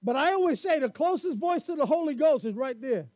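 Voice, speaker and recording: A male pastor preaching a lively sermon, telling stories and acting out voices as he goes. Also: extremely high pitch, a little fast, no room sound. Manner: animated storyteller, acts out voices, laughs often.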